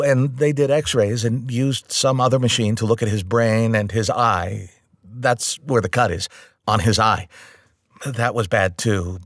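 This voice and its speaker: A man's voice: on the low side, no room sound. Male audiobook narrator, dry close sound. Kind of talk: first-person audiobook narration.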